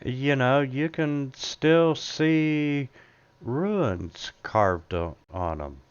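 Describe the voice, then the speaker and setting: A man running a tabletop game as game master, narrating slowly with many fillers and pauses. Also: medium pitch, expressive, clear, resonant tone, lo-fi sound. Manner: slow, halting, with many fillers.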